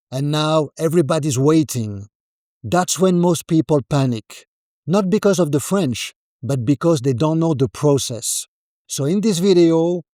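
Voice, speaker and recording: A man calmly narrating a scripted language lesson, demonstrating French phrases with deliberate delivery. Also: on the high side, no echo, clean studio sound.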